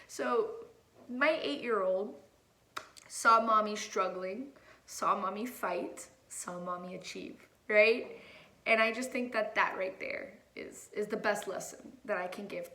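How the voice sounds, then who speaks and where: Woman, 30s, mother vlogging a personal story; bright, tense voice; rambling and emotional; echoey room. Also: mid-range voice. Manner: emotional, rambling with many fillers and restarts. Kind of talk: casual heartfelt vlog.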